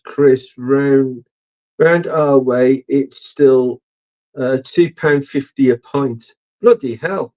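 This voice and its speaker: A man's voice: mid-range voice, slow, long pauses, a little mellow. A middle-aged man hosting a casual live stream, rambling and swearing with lots of ums. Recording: dull lo-fi stream audio.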